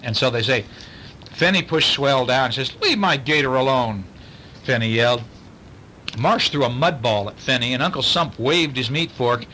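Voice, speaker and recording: Gentle man reading a bedtime story. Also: medium pitch, normal speed, slight background noise. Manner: gentle, with chatty asides to the child. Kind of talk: reading a picture book aloud to a child.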